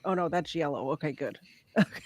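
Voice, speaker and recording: A woman's voice: low-pitched, a little fast, a little mellow, dry recording. A woman from Chicago chatting on a live stream after several drinks, giggling and thanking viewers by name. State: has been drinking. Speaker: stream co-host. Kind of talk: casual chat.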